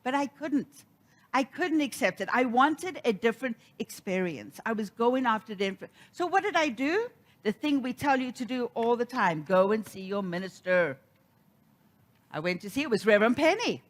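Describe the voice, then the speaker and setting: A woman's voice: fairly high pitch, animated, normal speed. A middle-aged woman giving a sermon, telling a personal story and acting out the quoted voices. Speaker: minister.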